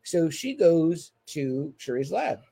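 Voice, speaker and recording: Gravelly animated man recapping a movie. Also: on the high side, slow pace. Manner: animated, profane, acts out dialogue. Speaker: podcast co-host. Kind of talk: casual movie recap chat.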